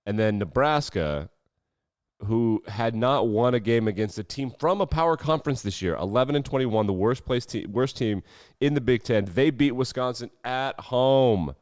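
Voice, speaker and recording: A man's voice: mid-range voice, expressive, moderate pace, darkish tone, no room sound. A man hosting a sports podcast, giving casual commentary full of wry, sarcastic asides. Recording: dull lo-fi dry sound.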